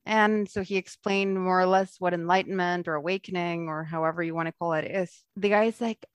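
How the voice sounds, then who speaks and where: A young woman telling a long personal story in casual conversation, animated and laughing often, acting out the people she quotes. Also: fairly low pitch, brisk, few pauses, clear, resonant tone, no echo.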